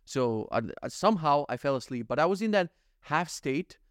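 Man, solo podcast host, slightly higher voice, jokey rambling delivery full of swearing, dry close-miked sound. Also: lively intonation, moderate pace, clear, resonant tone, no echo. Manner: rambling, jokey, swears freely, acts out little scenes. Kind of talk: casual solo podcast monologue.

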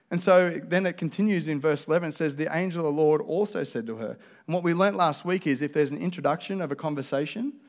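A male pastor, preaching a sermon in an earnest, conversational way. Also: on the high side.

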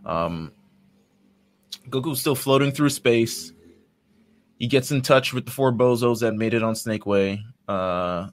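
A man co-hosting a casual fan podcast, laid-back and quick to laugh as he retells scenes. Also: mid-range voice, a bit bright. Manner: laid-back, laughs often, acts out characters' lines. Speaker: podcast co-host.

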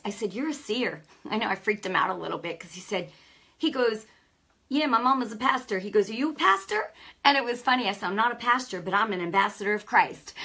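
A woman's voice: mid-range voice, fairly bright tone, husky. A woman giving an informal, fervent sermon, conversational and full of restarts and asides. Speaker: lay preacher.

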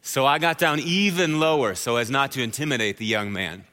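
Animated preacher man in a reverberant hall. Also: mid-range voice, fairly quick. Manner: storytelling, conversational and animated. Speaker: pastor. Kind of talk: sermon.

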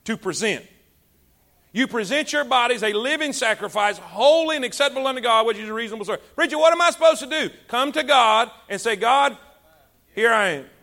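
A pastor preaches in a high, ringing voice with a bright, sharp edge, animated and a little fast. He exhorts the congregation to repeat after him in call and response. He leans hard on key words, then drops low and soft for emphasis.

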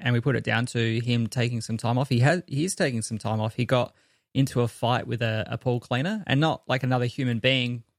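A man co-hosts a podcast in relaxed, casual chat, often stopping to restart his sentences. His voice is mid-pitched and gravelly. It sounds close and dry, with no room echo. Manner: easygoing, halting, with frequent restarts. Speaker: podcast co-host.

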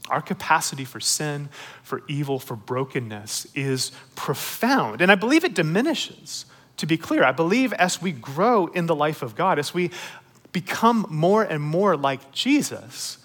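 A man preaching a sermon, his voice sitting a little above average in pitch for a man and swinging widely. He talks to the congregation in a casual, conversational way, rushing some phrases and drawing others out slowly. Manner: conversational, animated, quick bursts with long slowed phrases. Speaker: pastor.

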